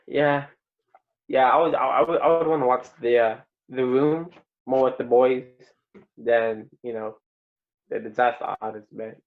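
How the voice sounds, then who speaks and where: A man's voice: mid-range voice, fairly even intonation. Guy on a podcast, sounds like a phone line, kinda hesitant, mid voice. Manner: hesitant, halting replies. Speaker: podcast co-host. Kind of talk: casual podcast chat. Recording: tinny phone-like call audio.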